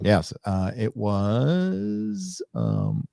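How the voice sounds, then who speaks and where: A man's voice: mid-range voice, big pitch swings, takes it slowly, gravelly, darkish tone, no echo. A man co-hosting a live pop culture show, making dry, sardonic asides while he has the hiccups. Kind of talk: casual live-stream chat.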